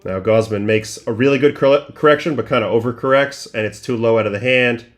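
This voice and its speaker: Man breaking down baseball pitches casually. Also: fairly quick. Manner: conversational, thinks aloud, many restarts and fillers. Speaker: livestream host breaking down game film.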